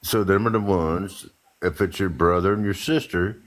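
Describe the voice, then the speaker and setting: Man, very low voice, explaining, repeats himself. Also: moderate pace.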